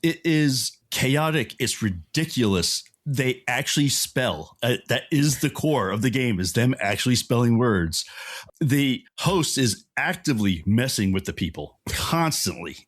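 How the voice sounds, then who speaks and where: A man co-hosting a podcast, recommending a show in casual chat with rambling, animated storytelling. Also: mid-range voice, measured pace. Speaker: podcast co-host.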